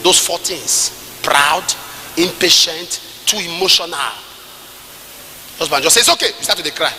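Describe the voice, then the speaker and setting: A man with a Nigerian English accent preaching a sermon at a church service, moving between quiet asides and shouted, sing-song passages. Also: on the high side, steady tone, a little slow, long reverb tail, faint music behind. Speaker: pastor.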